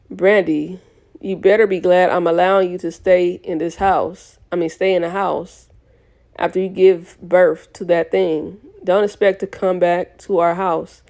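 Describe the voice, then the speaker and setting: A woman's voice: on the low side, darkish tone. A young woman reading a novel aloud in a casual way, often correcting herself and restarting lines. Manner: reads with frequent self-corrections and restarts. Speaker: audiobook reader.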